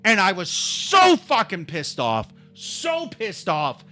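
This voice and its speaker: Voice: mid-range voice, huge pitch swings, slow, bright, forceful tone, soft background music. A livestreamer telling a rambling, heated story in casual chat, swearing freely and talking over their own restarts.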